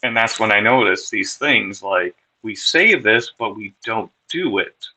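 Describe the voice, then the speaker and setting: A man's voice: fairly low pitch, lively intonation, unhurried, pushed and bright, breathy edge, rough recording. A man telling his recovery story on a podcast in a candid, wry way, with plenty of swearing. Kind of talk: casual personal storytelling.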